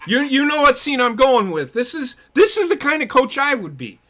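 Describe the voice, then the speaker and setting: A man's voice: extremely high pitch, big pitch swings, normal speed, pushed and bright. A man co-hosting a casual sports podcast, ranting bluntly and cursing heavily. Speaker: podcast co-host.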